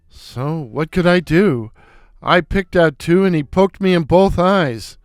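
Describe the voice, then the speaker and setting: A man's voice: a little high, slow, no echo, clean studio sound, soft background music. Older man narrating with wry asides. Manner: wry, self-mocking asides. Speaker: storyteller. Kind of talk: first-person story narration.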